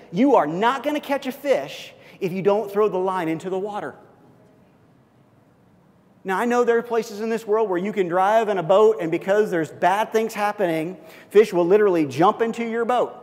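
A man delivers a sermon in a big reverberant hall, his voice sitting a little high. He is animated, slipping into short acted-out conversations and repeating words as he goes.

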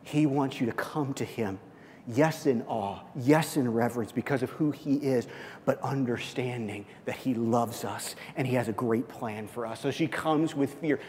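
A man's voice: moderate pace, slight background noise. Fervent male pastor preaching in a hall. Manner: dynamic preaching, swings from loud high bursts to low hushed lines. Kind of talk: sermon. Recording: long reverb of a church hall.

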